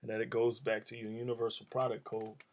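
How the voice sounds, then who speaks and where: A man's voice: fairly low pitch, completely flat delivery, quick pace. A man giving informal scripture teaching as a phone voice memo while driving his car, rambling with many fillers and tag questions. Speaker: religious teacher.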